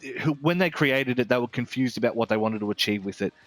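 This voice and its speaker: An Australian man giving a game review in loose, casual chat. He talks in a rambling, candid way, restarts often, and swears without a second thought. His voice sits at an ordinary middle pitch. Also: fast, a bit bright.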